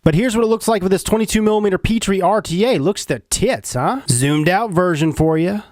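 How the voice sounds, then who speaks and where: A man's voice: sits high, a little fast, a little mellow, no echo, studio quality. A man giving a casual, slangy product review, talking the viewer through a device.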